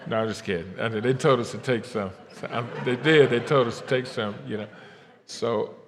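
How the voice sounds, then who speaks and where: A man from Ohio giving a keynote faith talk, swinging from quiet asides to shouted, drawn-out declarations. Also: mid-range voice, crowd noise. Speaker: keynote speaker. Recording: long hall reverb.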